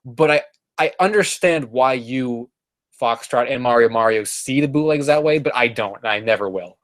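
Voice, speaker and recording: A man's voice: mid-range voice, moderate pace. A man casually chatting on a live stream from his apartment, answering chat messages and rambling with lots of fillers and restarts. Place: apartment room.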